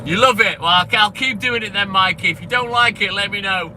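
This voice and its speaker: High-voiced and brisk, the milkman talks casually to his stream chat from the vehicle during deliveries, swearing freely and naming viewers as he greets them. Car and street noise fill the phone camera audio.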